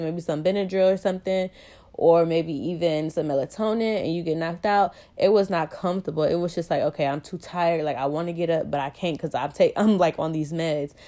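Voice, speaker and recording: Young woman, pregnant, a bit breathless, mellow low voice, rambling casual vlog chat. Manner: chatty, rambling, frequent "like" and "you know". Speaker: vlogger.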